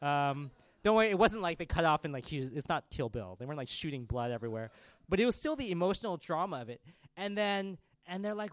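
A man in his thirties preaching a sermon, telling a family story in a conversational, animated way. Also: sits high, fairly quick, dry recording.

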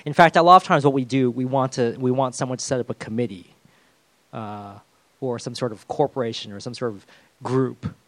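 A man's voice: medium pitch, fairly quick, a bit bright, dry recording. A man preaching a sermon as a pastor, conversational with self-deprecating humor.

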